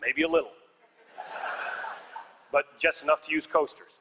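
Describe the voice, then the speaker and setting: A man's voice: fairly high pitch, steady tone, a little slow, sharp tone. A man doing a stand-up comedy set on a theater stage, telling stories with dry, punchy one-liners. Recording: live hall reverb with audience noise.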